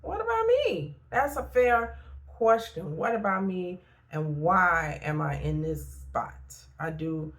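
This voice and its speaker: A woman's voice: deep voice, gravelly. A middle-aged woman, a therapist and life coach, talking frankly in a casual motivational vlog and repeating points for emphasis.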